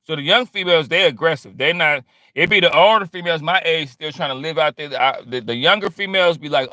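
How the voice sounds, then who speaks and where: A middle-aged man streaming a casual monologue, slangy and animated, acting out quoted exchanges. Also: fairly high pitch, fairly quick, dry recording.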